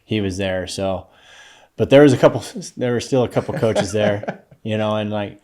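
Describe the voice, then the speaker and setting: Male podcast guest, California-raised ex-athlete, relaxed storyteller who laughs a lot. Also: lowish voice, normal speed. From California, USA. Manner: laughs often while telling stories, loose and easygoing. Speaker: podcast guest, former pro football player. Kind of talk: casual interview storytelling.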